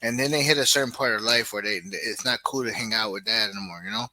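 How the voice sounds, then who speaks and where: A middle-aged man talks casually on a podcast, his voice bright and forceful, recorded close and dry with no room sound. He tells family stories with animation, slipping into the voices of his kids. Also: on the low side, fast, dry recording. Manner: animated storytelling, acts out family quotes. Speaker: podcast co-host. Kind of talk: casual chat.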